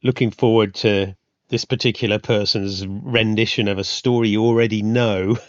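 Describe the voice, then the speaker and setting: A man's voice: on the low side, steady tone, normal speed, dry recording, muffled recording. A man hosting a history podcast, asking long, musing questions full of "sort of" and "you know". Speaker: podcast host. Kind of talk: podcast interview.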